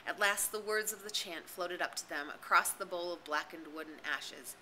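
A woman narrates a novel in audiobook style, giving the story dramatic expression. Her voice sits a little low but rings very bright, over faint background noise. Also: normal speed, rough recording. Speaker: reader and tutor.

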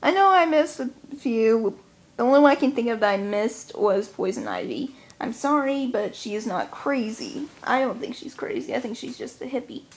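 A young woman hosting a casual countdown vlog, chatty, excitable and self-mocking. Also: fairly high pitch, moderate pace. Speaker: vlogger.

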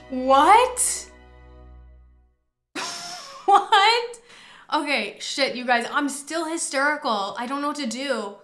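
A woman giving excitable, profane play-by-play commentary on a game, often breaking into laughter. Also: high voice, moderate pace, roomy sound. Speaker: gaming streamer. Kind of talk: casual gameplay commentary. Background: faint game music.

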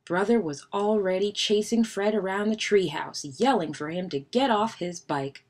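A woman reading a children's picture book aloud in an expressive storytelling manner. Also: mid-range voice, moderate pace. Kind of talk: children's read-aloud narration.

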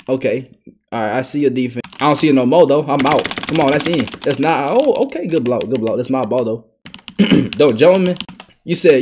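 Young male gaming YouTuber, cocky trash talk, very lively pitch swings, faint keyboard clicks behind. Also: a little fast, a little hiss or hum. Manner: trash-talking, brash, bursts into excited yelling. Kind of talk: live gameplay commentary.

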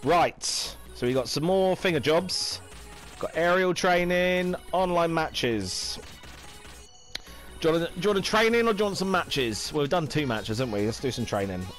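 A man's voice: fairly high pitch, animated, moderate pace, a bit bright, soft background music. A man with a Northern English accent chatting playfully as he plays and commentates on a video game. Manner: chatty, playful, exclaims and sings little phrases. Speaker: gaming video host. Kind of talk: casual gameplay commentary.

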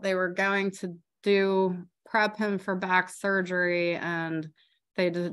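This middle-aged woman, an RCIA catechist, speaks at a medium pitch with a fairly bright tone. She teaches a parish faith class in a personal, conversational way, using many fillers in casual teaching talk.

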